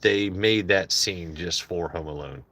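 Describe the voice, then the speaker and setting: A man with a lowish voice chats casually on his own livestream, joking and wandering from topic to topic as he talks to chat. The sound is close and dry, with no room around it. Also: a little slow, bright, forceful tone, no room sound. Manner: loose, joking, rambling asides to chat. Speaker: livestream host.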